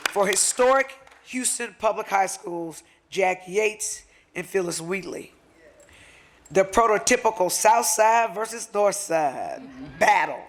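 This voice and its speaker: A man's voice: high-pitched, lively intonation, slow pace, fairly bright tone, slight background noise. A man giving an impassioned, emotional speech at a luncheon, speaking in a fervent, conversational way as he presents a certificate.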